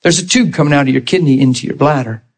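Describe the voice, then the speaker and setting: A man's voice: fairly high pitch, quick pace, husky. A man preaching a testimony in a conversational, storytelling way, laughing often and asking his listeners questions. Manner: animated, laughs often, acts out quoted voices; conversational, rhetorical asides to listeners.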